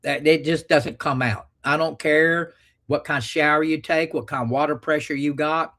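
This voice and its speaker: A man hosts a call-in show in a folksy, rambling way, with crude humor and homespun sayings. His voice sits a little high for a man. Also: steady tone, moderate pace, pushed and bright. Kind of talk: casual call-in talk.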